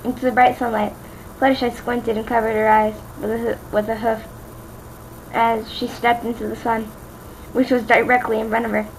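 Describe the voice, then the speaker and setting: A woman's voice: on the high side, level tone, normal speed, vocal fry, a little hiss or hum, rough recording. Young woman stumbling through a fan fiction reading. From Louisiana. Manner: stumbling, rereading lines, chatty asides. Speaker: amateur reader.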